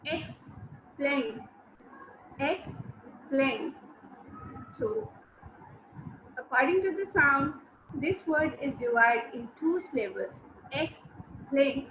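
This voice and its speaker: Slow, high-voiced woman teaching online. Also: animated, sharp tone, slight background noise. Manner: instructive, repeats words and syllables, brisk commands. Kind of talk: online class lesson. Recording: roomy, slightly dull sound.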